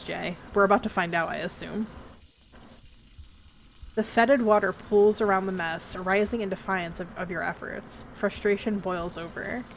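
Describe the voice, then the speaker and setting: A woman's voice: medium pitch, a little hiss or hum. Woman streamer reading horror aloud. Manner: dramatic reading with joking asides to chat.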